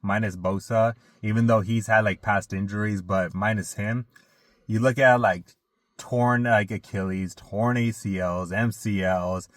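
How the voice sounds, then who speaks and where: A man co-hosting a casual sports chat, rambling with lots of fillers and getting animated when he vents. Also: lowish voice, a little slow, no room sound, clean studio sound. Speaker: podcast co-host.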